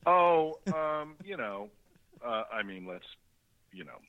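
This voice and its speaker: A man's voice: medium pitch, big pitch swings, takes it slowly, background noise. A man, an actor, chatting casually as a guest over the phone, rambling and laughing with many fillers. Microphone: phone line. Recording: dull phone line.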